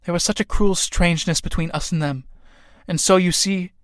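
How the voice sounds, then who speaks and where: A man voicing an earnest young woman who pleads softly and slowly with her husband in a read-aloud play. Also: high-pitched, steady tone, dry recording, clean studio sound.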